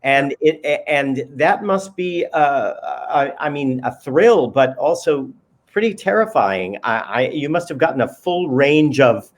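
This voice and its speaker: A man's voice: fairly high pitch, expressive, measured pace. A man hosting a casual interview chat, admiring his guests and searching for his words as he goes. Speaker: host.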